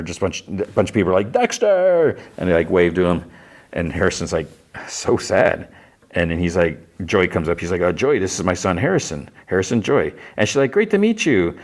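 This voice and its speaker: A man casually retelling a TV episode scene by scene, quoting the characters in quick lines full of fillers. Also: deep voice. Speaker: podcast host recapping a TV episode. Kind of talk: casual recap.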